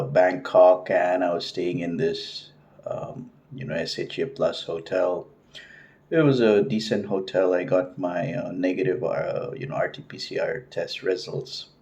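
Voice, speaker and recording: A middle-aged man talks to camera in a loose, rambling way, stacking fillers and restarting his sentences. His voice sits very low. The sound is dull and lo-fi. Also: darkish tone. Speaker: vlogger. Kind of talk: casual talk to camera.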